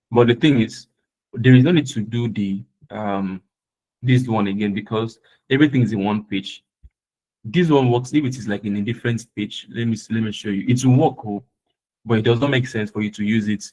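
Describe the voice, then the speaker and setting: Low-voiced man teaching web design. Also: moderate pace, dark tone, rough recording. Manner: checks often whether students follow; patient, repeats points. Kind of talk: live screen-share tutorial.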